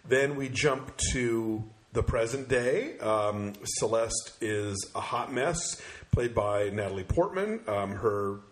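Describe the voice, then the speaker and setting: A man with a mid-range voice recaps a movie's plot on a review podcast. He is blunt and opinionated, and fills his pauses with ums and uhs. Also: mid-range voice, lively intonation. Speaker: film critic co-host. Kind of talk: casual film review chat.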